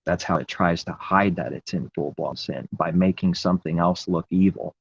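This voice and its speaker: A man's voice: sits low, normal speed, gravelly, breathy edge, no room sound, highs cut off. A man preaching in an impassioned, rambling religious monologue, repeating his phrases.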